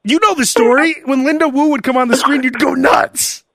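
A man's voice: very high-pitched, fairly quick, creaky, fairly bright tone. A man co-hosting a podcast, teasing in casual chat. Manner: teasing, needling. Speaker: podcast co-host.

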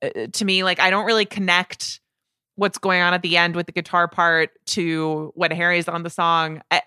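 Woman co-host, casual and playful, crisp bright tone in a dry booth. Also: on the low side, level tone, moderate pace, no echo. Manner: chatty, laughs often, playful asides. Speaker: podcast co-host. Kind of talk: casual music discussion.

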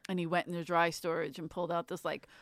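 A woman's voice: fairly low pitch, level tone, fast, no echo. A woman hosting a podcast in a studio, chatty, telling stories and swearing casually. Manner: chatty, storytelling, profane. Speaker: podcast host.

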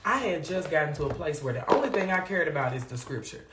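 A woman hosts a live faith talk, speaking in an animated, preachy, down-to-earth way to her viewers. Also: sits low, quick pace, background noise. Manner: animated, preachy Southern-flavored vernacular. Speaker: host of a faith livestream. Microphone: phone or webcam on a live stream. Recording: echoey room.

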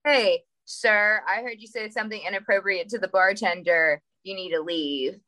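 A woman's voice: medium pitch, normal speed, bright, forceful tone. A woman guest on a podcast, talking casually in a direct, candid and playful way.

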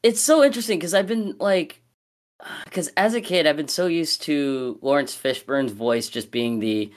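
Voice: medium pitch, moderate pace. A podcast co-host in casual chat, hesitant, laughing often.

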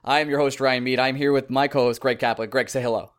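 A young adult man hosting a casual sports podcast, joking and bursting into loud excited outbursts. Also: medium pitch, fast. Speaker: podcast host.

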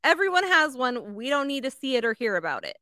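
A woman's voice: sits high, big pitch swings, sharp tone, no echo, clean studio sound. A woman co-hosting a casual podcast, agreeing bluntly and cursing freely. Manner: blunt, profane, quick to agree. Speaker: podcast co-host.

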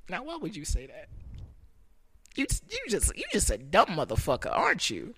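Young guy telling a story on a podcast, kinda high voice, goes all over the place pitch-wise, does little voices for people. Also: normal speed, husky. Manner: animated, acts out voices in stories, laughs loudly. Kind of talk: casual podcast chat, storytelling.

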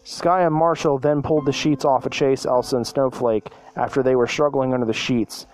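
A man reads a homemade story aloud at a plain, middling pitch. He trips over words and corrects himself mid-sentence. Faint background music runs underneath. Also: steady tone, fairly quick, darkish tone, rough recording. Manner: stumbling, self-correcting reading. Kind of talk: reading a fan story aloud.

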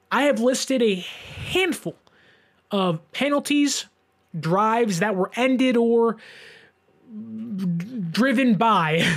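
Male sports host in his twenties, deliberate unhurried delivery, emphatic rant. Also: high voice. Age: 20s. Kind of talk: solo sports commentary.

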